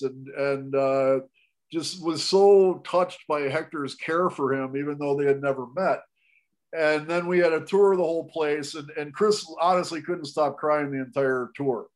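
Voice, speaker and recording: An animated man recounting a story in a podcast conversation. His voice sits a little higher than most men's. He talks with lively restarts and keeps pushing the story forward. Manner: animated, with frequent restarts and laughs. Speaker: guest storyteller.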